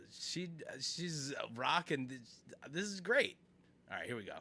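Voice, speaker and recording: A man's voice: mid-range voice, slow pace, pauses often, slight background noise. A man streaming live, chatting casually with his viewers as he reacts to a clip. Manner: animated, chatty, talks to chat.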